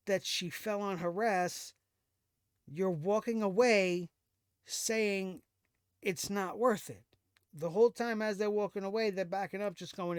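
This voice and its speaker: A man's voice: high-pitched, clear, resonant tone, no room sound, studio quality. A man hosting a wrestling recap show, recapping and ranting in a sarcastic, exasperated way with occasional laughs. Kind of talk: casual recap and commentary.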